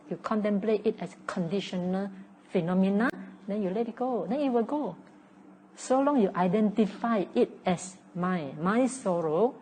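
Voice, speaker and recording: A Malaysian woman in her sixties gives a dharma talk in a warm, mellow voice. She teaches patiently, circling back over each point and checking in with little "huh?" and "okay?" asides. A faint background noise sits under her speech. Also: medium pitch, rough recording. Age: 60s. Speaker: meditation teacher.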